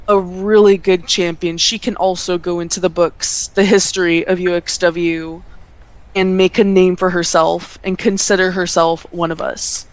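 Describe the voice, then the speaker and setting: A woman's voice: medium pitch, no room sound. Earnest woman wrestler in an interview. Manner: earnest, measured, slows down to stress points. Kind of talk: casual sit-down interview.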